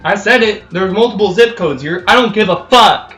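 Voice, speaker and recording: A man from California, a game streamer, delivering a heated, profane rant on his live stream that swings between loud outbursts and low muttering. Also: moderate pace. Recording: echoey room with faint music.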